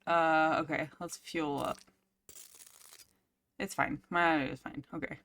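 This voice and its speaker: A woman's voice: low-pitched, steady tone, a little slow, vocal fry, fairly bright tone. A woman streaming a story game, reading narration aloud and fretting in muttered asides. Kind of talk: let's play commentary and narration reading.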